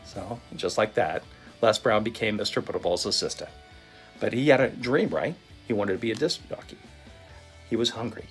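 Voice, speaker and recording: A man telling a motivational story in a vivid, animated storytelling manner. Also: lowish voice, normal speed, slightly rough. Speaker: motivational speaker. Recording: faint guitar music behind. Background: soft guitar music.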